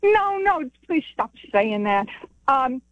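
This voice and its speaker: A woman's voice: high voice, big pitch swings, slow, no room sound, dull audio. A woman calling into a radio show, speaking with a New York accent and protesting good-naturedly. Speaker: caller.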